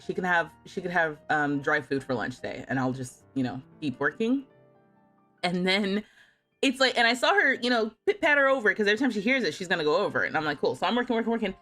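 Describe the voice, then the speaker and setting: A woman's voice: medium pitch, sharp tone. A woman in her thirties chatting casually on a livestream, telling stories with lots of laughter. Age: 30s. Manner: chatty storytelling, often laughing and mimicking her cat. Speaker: streamer.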